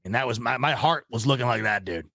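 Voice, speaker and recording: A man's voice: mid-range voice, fast, gravelly, bright, forceful tone, no room sound, studio quality. A man hosting a casual sports podcast, rambling in a frustrated, self-deprecating way and swearing now and then. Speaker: podcast host.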